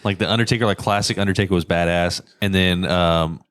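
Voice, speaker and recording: A very low-voiced man talks casually and nostalgically. The sound is dry and close. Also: fairly even intonation, fairly quick, fairly bright tone, clean tone, dry recording. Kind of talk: casual podcast chat.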